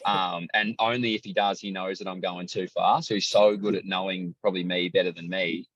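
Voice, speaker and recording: A young man, a sports journalist and commentator, telling stories loudly and freely in a casual podcast chat. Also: low-pitched, steady tone, a little fast, dull audio. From Australia. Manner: loud, outlandish storyteller.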